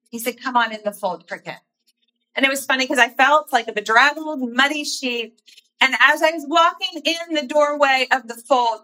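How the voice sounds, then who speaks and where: Bright, earnest woman preaching. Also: high voice, poor audio. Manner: earnest, personal storytelling with soft asides. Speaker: speaker giving a devotional talk. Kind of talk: sermon.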